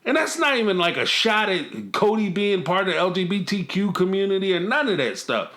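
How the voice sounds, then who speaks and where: A man's voice: high-pitched, very animated, fairly quick, a bit bright. A man hosting a casual commentary vlog, talking in a slangy, mocking way and laughing often. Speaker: reality TV commentator.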